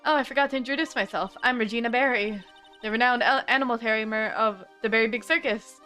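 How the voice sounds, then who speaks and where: A woman's voice: on the high side, fast, sharp tone, faint music behind. A woman voicing a bubbly young female circus animal tamer in a sing-song, childlike, gushing manner.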